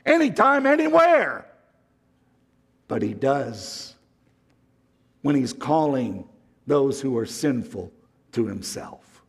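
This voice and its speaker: A man preaching a sermon, slow and deliberate, swinging from emphatic highs to hushed lows. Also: breathy edge, big-room sound. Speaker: pastor.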